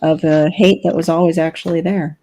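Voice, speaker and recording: A woman's voice: sits low, steady tone, a little fast, warm tone, dry recording. A woman chatting casually on a family live stream, candid and wry, laughing often, picked up by a webcam mic at home. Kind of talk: casual chat.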